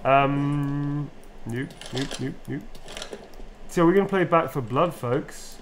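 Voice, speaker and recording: A man, a voice actor, reacting to a game in casual chat, animated and swearing a lot. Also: a little high, takes it slowly. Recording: loud background noise.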